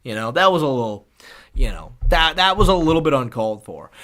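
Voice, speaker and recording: A man's voice: mid-range voice, very animated, a little fast, fairly bright tone. A man chatting casually on a live stream, rambling, swearing freely and thanking viewers.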